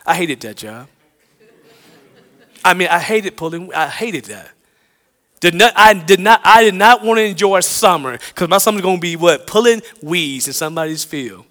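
A man from the American South preaching a sermon, swinging between loud emphatic lines and hushed low ones. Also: expressive, moderate pace, big-room sound.

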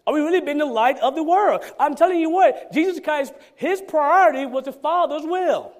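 A man's voice: extremely high pitch, lively intonation, normal speed. A man, a pastor, preaching a sermon with emphatic repetition and rhetorical questions.

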